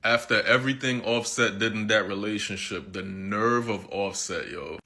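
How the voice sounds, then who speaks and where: A man's voice: lowish voice, normal speed, sharp tone. A man giving casual commentary, amused and incredulous.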